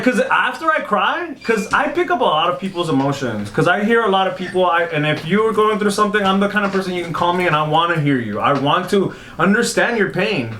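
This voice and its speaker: A man hosting a casual podcast chat, animated and laughing often. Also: high-pitched, roomy sound, a little hiss or hum. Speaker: podcast host.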